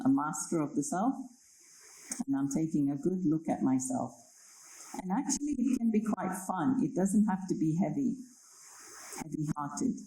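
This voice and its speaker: A woman gives a reflective meditation talk in a slow, unhurried rhythm, often pausing to check in with her audience. Her voice sits a little low and sounds mellow and soft-edged. The sound carries the echo of a large hall. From Kenya. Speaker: meditation speaker. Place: library hall. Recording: echoey hall.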